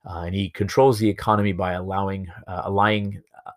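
A man teaching history over slides in a relaxed, storytelling way, with many fillers and asides. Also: low voice, fairly quick, dry recording, studio quality. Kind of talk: recorded lecture over slides.

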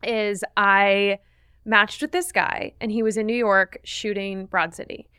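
A woman's voice: medium pitch, fairly even intonation, unhurried, bright, forceful tone, clean tone, dry recording, clean studio sound. A woman hosting a podcast, telling a dating story in casual chat and acting out the lines she quotes. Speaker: podcast host.

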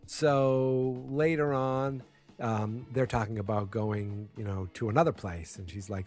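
A man's voice: mid-range voice, steady tone, unhurried, a little mellow, soft background music. A man casually retelling a TV episode, rambling with fillers and restarts and briefly acting out characters' lines. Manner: acts out character lines with small voice shifts. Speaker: TV episode recapper. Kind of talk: casual spoken recap.

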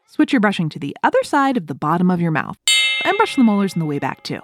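A woman hosts a children's show in a bright, playful voice that swings widely up and down. She reads her script with cheer, counting down and joking for young listeners. Soft music plays underneath. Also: lowish voice, huge pitch swings, quick pace. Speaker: host.

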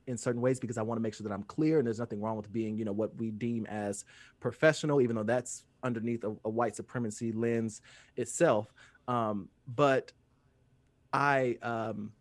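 A man in his thirties from Indiana, a theater actor answering interview questions in a measured, reflective way with frequent pauses and fillers. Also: mid-range voice, no room sound. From Fort Wayne, Indiana, US. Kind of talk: interview conversation.

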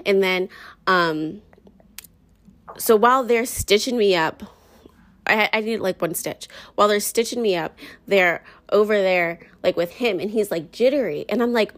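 Tired rambling young mom podcaster. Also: female voice, medium pitch, moderate pace. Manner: rambling, filler-heavy storytelling. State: tired, catching her breath. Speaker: podcast host. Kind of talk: casual solo podcast chat.

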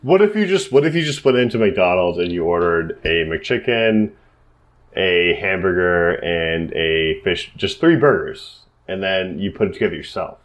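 A man co-hosting a podcast in casual chat, congested and animated, swearing often. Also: low voice, moderate pace. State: congested from covid. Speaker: podcast co-host.

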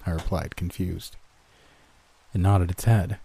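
A man narrates a first-person horror story in an even, steady storytelling manner. His voice sits low and sounds mellow and relaxed. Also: unhurried, breathy edge, no echo.

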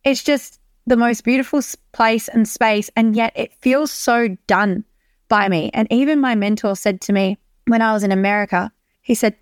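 A woman's voice: fairly high pitch, steady tone, moderate pace, dry recording, studio quality. A young Australian woman hosting a solo podcast, talking energetically and emphatically and swearing freely. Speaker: podcast host. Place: beach hut.

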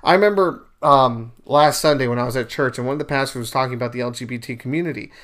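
A young man hosting a podcast, retelling a story in a casual, animated monologue, with sudden louder bursts. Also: medium pitch, quick pace. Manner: animated storyteller, paraphrases scenes in bursts of raised voice. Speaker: podcast host. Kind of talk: casual religious commentary monologue.

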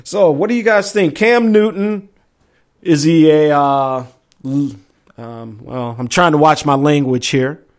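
A man's voice: fairly high pitch, unhurried. A middle-aged man hosting a casual sports talk show, chatty and slangy, with plenty of exclamations. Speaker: sports podcast host.

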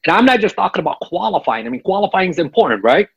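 A man's voice: sits high, big pitch swings, racing, creaky, slightly rough. A man working as a sales coach, explaining techniques step by step in a podcast interview and checking in with "okay?". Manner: instructive, repeats "okay?" to check in.

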